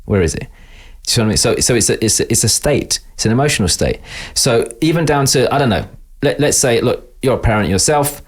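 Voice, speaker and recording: Talking fast with hardly any pauses, this middle-aged East Londoner has a mid-range voice. He's a podcast guest in casual interview mode, an animated storyteller who performs the voices of anyone he quotes.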